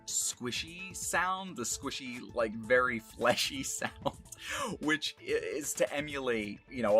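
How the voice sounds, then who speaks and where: A man's voice: mid-range voice, fairly bright tone. A man who works as a voice actor, rambling casually and laughing at himself as he explains his craft. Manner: rambling and self-amused, with many fillers. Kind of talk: casual talk about voice acting.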